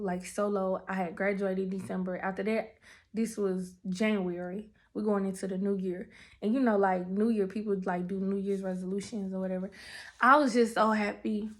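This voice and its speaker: A young woman telling her testimony in casual, animated storytelling, talking straight to her viewers. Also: medium pitch, moderate pace. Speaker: testimony speaker.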